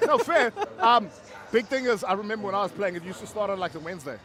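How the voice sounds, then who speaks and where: A man, a former rugby player co-hosting a pre-match show, enthusiastic and quick to agree. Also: high-pitched, lively intonation, a crowd in the background. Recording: music behind at outdoor stadium.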